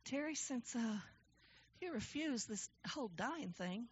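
A woman preaching who quotes a calm, blunt male hospital doctor in a low, quiet, matter-of-fact voice. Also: measured pace, highs cut off, a little hiss or hum.

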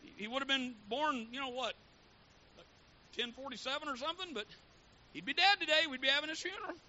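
High sharp-voiced preacher man going from hushed to yelling, dull recording w/ faint hiss. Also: brisk. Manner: fervent, swinging from hushed to shouting. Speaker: pastor. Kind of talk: sermon.

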